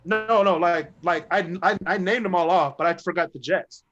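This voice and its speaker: A man's voice: high voice, normal speed, a bit bright, dull audio, faint music behind. A man co-hosting a casual sports chat, laughing often and acting out film quotes. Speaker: podcast co-host.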